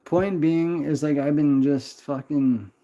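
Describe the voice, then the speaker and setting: A young man rambles and swears his way through a casual livestream while answering chat, his voice mellow and dark. The sound is dull and lo-fi, like streaming audio through a modest desktop mic. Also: fairly high pitch, fairly even intonation, slow pace.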